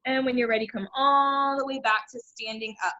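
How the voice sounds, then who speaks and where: A woman's voice: sits high, steady tone, normal speed, bright, forceful tone, no room sound. A woman leading a kids yoga class over a video call, upbeat and encouraging, laughing often. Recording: dull lo-fi video call audio.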